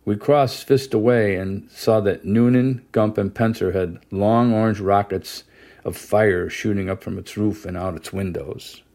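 Low-voiced man narrating an audiobook. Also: steady tone, measured pace, a little mellow. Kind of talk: scripted narration.

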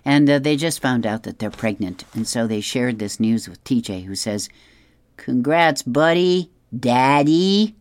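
A man's voice: lowish voice, darkish tone. A man hosting a radio show, reading an advice column and describing comic strips aloud with amusement. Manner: unhurried, amused, chuckling while reading. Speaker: radio host.

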